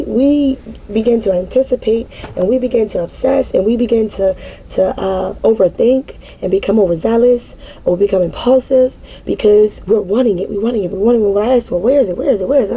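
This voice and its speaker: Gravelly-voiced woman musing on faith. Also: fairly high pitch, mellow, low-quality recording. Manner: repetitive, emphatic, preacher-like cadence. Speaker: mother speaking to an online audience. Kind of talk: casual spiritual reflection.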